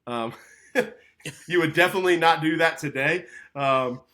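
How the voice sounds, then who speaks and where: Man, podcast guest, casual, animated storyteller who acts out dialogue. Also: a little high, unhurried. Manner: animated storyteller, acting out quotes, frequent "right?" and "like".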